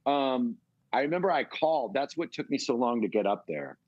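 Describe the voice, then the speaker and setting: A middle-aged man from California, telling a long, animated story as a guest in a casual interview. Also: medium pitch, normal speed, husky, no echo, lo-fi sound. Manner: rambling, animated storytelling with swearing. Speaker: guest musician.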